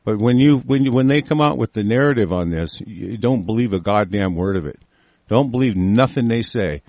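A man from the United States gives an angry, heated rant, swearing constantly and reading news aloud in between. His voice is fairly low and darkish with lively intonation at a moderate pace, recorded with no echo but with the highs cut off.

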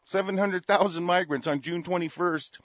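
A man with a higher-than-usual voice hosts a talk radio show, ranting angrily with plenty of profanity. His delivery jumps between loud outbursts and low grumbling. The recording is dry and dull, with a lo-fi radio sound. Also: normal speed, no echo. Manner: angry, profane, swings between shouting and muttering.

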